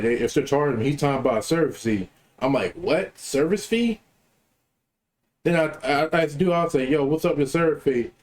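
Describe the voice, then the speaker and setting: A man's voice: fairly high pitch, a little mellow. A man calling in to tell a story in a casual, profane rant, repeating himself as he gets worked up. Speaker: caller telling a story.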